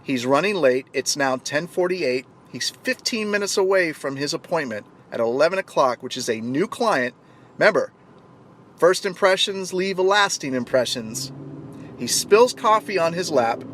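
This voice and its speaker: A man telling a motivational story in an animated way, acting out the shouting voices of the people in it. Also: on the high side, normal speed. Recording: clear traffic noise.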